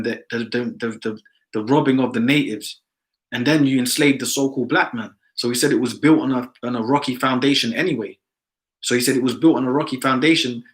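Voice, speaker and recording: A man's voice: mid-range voice, fairly bright tone, low-quality recording. A man with a London accent talking emphatically in a casual religious discussion, often tagging "man" onto his points. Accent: London English. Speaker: discussion participant.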